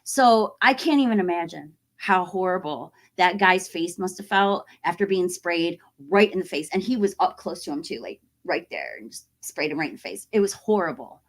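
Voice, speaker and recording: A woman in her forties chatting casually to camera as a horror YouTuber, animated and acting out other people's voices as she tells a story. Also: fairly low pitch, moderate pace, hardly any pauses. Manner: animated, acts out quoted voices.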